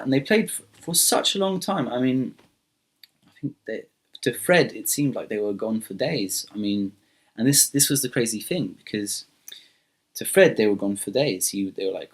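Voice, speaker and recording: A man improvising a spoken myth in a loose, rambling way, full of fillers and restarts. His voice is husky and breathy at an ordinary, mid pitch. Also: animated, normal speed. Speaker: storyteller.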